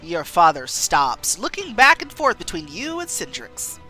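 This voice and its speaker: A woman's voice: fairly low pitch, a little slow, slightly rough, soft background music. A woman streamer reading a story game aloud and chatting playfully about her choices. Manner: animated, playful.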